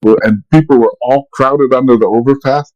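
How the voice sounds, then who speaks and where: A man's voice: mid-range voice, steady tone, fairly quick, highs cut off. A middle-aged man casually telling a long story on a podcast, rambling with many restarts and quoted dialogue. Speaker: podcast co-host.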